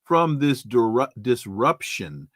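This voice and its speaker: A man from California hosting an interview podcast, asking long, deliberate questions with stammered restarts. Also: medium pitch, big pitch swings, a bit bright, no echo, clean studio sound. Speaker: podcast host.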